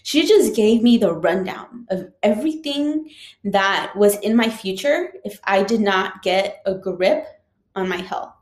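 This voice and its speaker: A woman's voice: mid-range voice, animated, a little slow. A woman who is a teacher, casually telling a personal story with lots of fillers. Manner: chatty, frequent "like" and "um" fillers. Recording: roomy echo.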